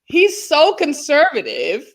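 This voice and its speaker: Animated, laughing young woman. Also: high voice, slow pace. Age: young adult. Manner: laughs often, animated storytelling. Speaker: co-host. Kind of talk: casual live review chat. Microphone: video call.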